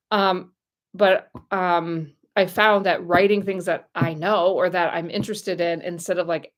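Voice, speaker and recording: A woman's voice: on the low side, creaky. An American woman in her forties chatting casually to camera, bubbly and rambling with lots of fillers. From United States. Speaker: vlogger and relocation consultant.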